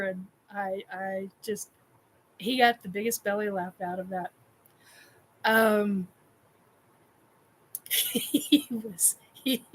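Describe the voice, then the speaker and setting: A woman's voice: fairly high pitch, a bit bright, poor audio. A woman hosting a casual chat show, telling a funny personal story in a candid, blunt way and laughing often. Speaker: podcast host.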